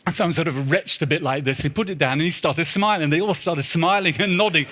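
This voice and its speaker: A man's voice: on the high side, fast talker, fairly bright tone. A man on stage telling a self-mocking travel anecdote to an audience, full of "sort of" fillers and comic asides. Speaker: speaker at a symposium. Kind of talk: storytelling talk to an audience. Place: large church hall.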